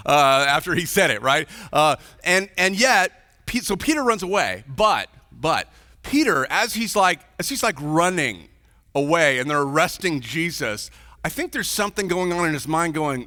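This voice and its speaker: A high, bright male voice preaches a conversational sermon and keeps checking in with the congregation. The sound rings with long reverb from a church sanctuary. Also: very animated, normal speed. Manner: informal, chatty, checks in with the audience often. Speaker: pastor.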